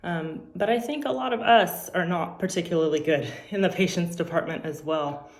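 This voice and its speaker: Brief: low-pitched woman in her forties, earnest church devotional, echoey room. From California. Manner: earnest, halting, with frequent ums. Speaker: teacher giving a church devotional. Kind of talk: personal devotional talk.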